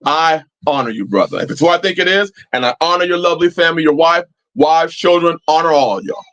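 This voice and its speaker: A man's voice: a little high, brisk, a bit bright, dull audio. A man hosting a live-chat stream, talking casually and preachily, swearing freely as he answers viewers. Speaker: livestream host.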